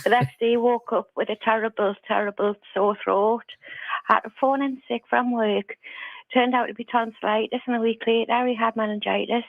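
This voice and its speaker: A woman's voice: a little high, fairly even intonation, fairly quick, gravelly, no echo, phone-quality sound. Middle-aged woman caller, hesitant and confessional, dry recording. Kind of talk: telling a story on a phone-in.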